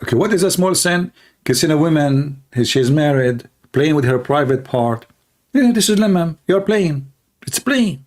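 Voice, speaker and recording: A man hosting a confrontational livestream debate, talking emphatically and challenging his listeners, with a dry throat and frequent throat clearing. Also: a little high, animated, normal speed, a little mellow. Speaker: debater and host.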